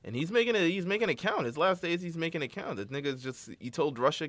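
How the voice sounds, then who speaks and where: A man's voice: a little high, lively intonation, fast talker, hardly any pauses, a bit bright, no room sound. Young male podcast co-host, casual, profane, jokey, laughs a lot. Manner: loose, profane, joking, laughs often. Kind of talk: casual chat.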